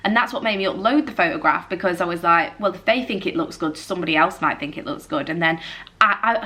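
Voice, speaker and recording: A woman's voice: lowish voice, sharp tone. A young woman with a British accent talking candidly in a personal vlog, chatty and confessional, leaning on "like" as she goes. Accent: British English. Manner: chatty and confessional, leans on "like", slips into emotional moments. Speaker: vlogger.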